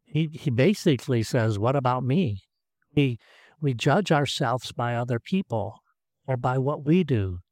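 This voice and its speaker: A pastor preaching in a sermon, his voice at an ordinary man's pitch. He speaks earnestly and repeats his words, rising to emphasis and then dropping low. The sound is dry and close to the mic. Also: animated, measured pace, a little mellow, dry recording.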